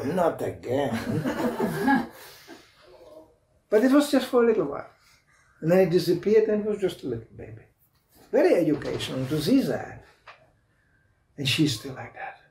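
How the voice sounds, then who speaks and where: A man in his fifties tells personal stories in a spiritual lecture, chuckling often and circling back over his own half-finished phrases. His voice sits a little high but sounds mellow and unhurried. The room around him is echoey, like a small club hall. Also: distant mic, slight background noise. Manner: storytelling, laughs often, halting restarts. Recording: roomy hall echo.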